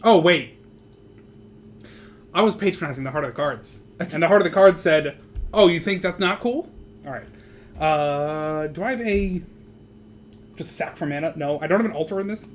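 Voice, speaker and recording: Excitable man with a higher voice. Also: moderate pace, pauses often. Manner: excitable, laughs often, swears. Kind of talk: casual gameplay chat.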